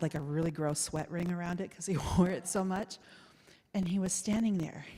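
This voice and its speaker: A woman with a lowish voice tells a personal story from the pulpit. Her words ring through a church sanctuary with a long, lingering reverb. She reminisces freely and breaks into small laughs along the way. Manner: warm reminiscing storyteller, frequent soft laughs. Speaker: guest speaker. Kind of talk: storytelling sermon.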